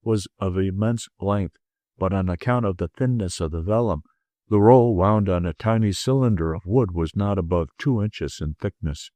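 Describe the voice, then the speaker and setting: Close to the mic in a dry, echo-free recording, a man narrates a classic detective story as an audiobook. He speaks in the first person with a lowish voice, calm and measured throughout.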